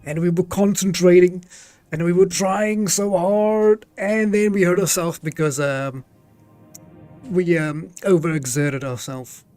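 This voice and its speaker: Giggly man reading game text slowly. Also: sits high, steady tone, a little mellow, faint music behind. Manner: chatty and giggly, laughs often. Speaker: game streamer. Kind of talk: live game stream, reading game text aloud.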